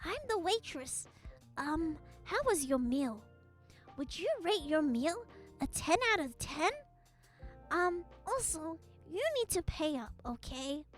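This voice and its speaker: A pushy restaurant waitress, played by a woman streamer speaks up loudly and bossily, accusing her customers. Her voice is high, and faint music plays behind her. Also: animated, takes it slowly. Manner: bossy and accusing, loud.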